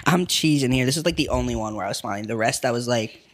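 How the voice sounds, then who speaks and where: A man's voice: mid-range voice, quick pace. A young man co-hosting a podcast in casual chat, slangy and laughing easily, swearing freely. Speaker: podcast co-host.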